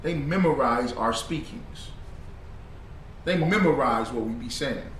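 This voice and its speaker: A man's voice: mid-range voice, expressive, a little slow, fairly bright tone, slight background noise. A man teaching a religious brotherhood class in a slangy, conversational way, quizzing his students in call and response. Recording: roomy room, distant mic.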